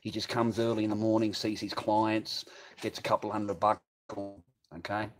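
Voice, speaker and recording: A man's voice: fairly low pitch, flat delivery, moderate pace. A man in his forties chatting casually on a livestream from his garage workshop, telling rambling, profane stories. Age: 40s.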